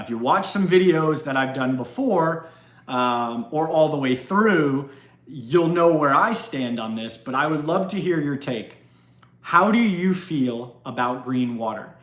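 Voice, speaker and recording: Brief: casual, rambling male streamer answering viewer questions in a roomy space. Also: medium pitch. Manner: chatty, laughs often, rambling. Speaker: livestream host. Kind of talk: casual live Q&A chat. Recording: roomy echo.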